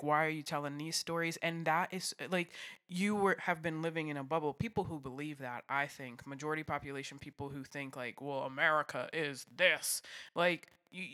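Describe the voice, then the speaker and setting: A chatty man talks on a podcast with a fairly high voice. His tone is sharp and forceful. He laughs often and leans on fillers as he builds his points. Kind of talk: casual chat.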